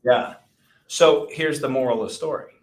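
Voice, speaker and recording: A podcast co-host and insurance agency owner from Texas, in his forties, tells a meandering, self-deprecating story with frequent restarts during casual chat. His mid-range voice is a little mellow and moves at a normal speed. There's a roomy echo and slight background noise.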